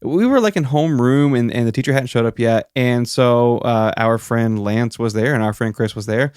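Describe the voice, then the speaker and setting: A young man co-hosting a podcast, telling a school story in a lively way and acting out the quotes. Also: medium pitch, moderate pace, clear, resonant tone, no echo, clean studio sound. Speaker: podcast co-host. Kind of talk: casual storytelling chat.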